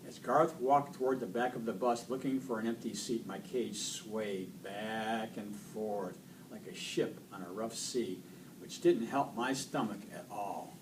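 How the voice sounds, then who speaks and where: A man reading a children's book aloud in an expressive storytelling voice. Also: fairly low pitch, unhurried. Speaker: reader. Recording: distant mic, faint noise.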